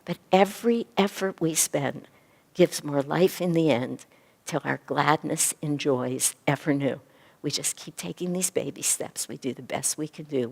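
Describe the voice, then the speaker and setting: A woman teaching a spiritual yoga class, talking earnestly and often softly to a group. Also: deep voice, vocal fry. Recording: echoey hall recording.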